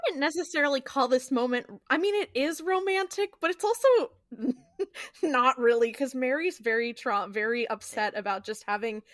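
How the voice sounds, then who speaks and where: A woman's voice: sits high, moderate pace, fairly bright tone, dry recording, clean studio sound. A young woman co-hosting a casual rewatch podcast, chatty with joking asides. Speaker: podcast co-host.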